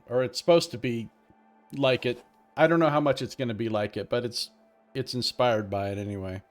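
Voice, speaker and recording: A man streaming a video game, chatting casually and self-amused as he tries out character voices. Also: mid-range voice. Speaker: let's play streamer.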